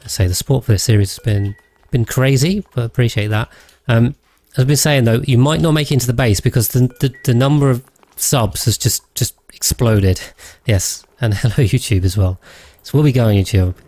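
A man's voice: mid-range voice, fairly quick, few pauses, warm tone. A man rambling casually as he streams a game, thinking aloud and thanking his viewers. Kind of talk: casual gameplay livestream chat.

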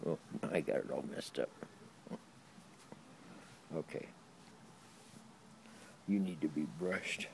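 A man's voice: rumbling low, slow, gravelly, long pauses, a little hiss or hum. A man in a backyard talking to his dog in sing-song baby talk, repeating himself while filming on a handheld camera. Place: backyard, outdoors.

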